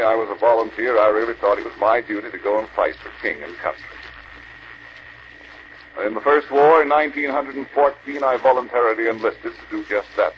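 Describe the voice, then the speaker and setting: An older man giving an earnest sermon to a convention, exhorting the brethren with rhetorical questions. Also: mid-range voice. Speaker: preacher. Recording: dull archival recording with faint hiss.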